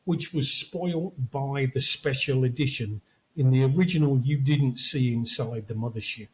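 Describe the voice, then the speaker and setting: A man's voice: medium pitch, normal speed, darkish tone, poor audio. Oudere man die films navertelt. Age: older. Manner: storytelling, acts out quotes from films. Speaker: podcast co-host. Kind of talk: casual chat.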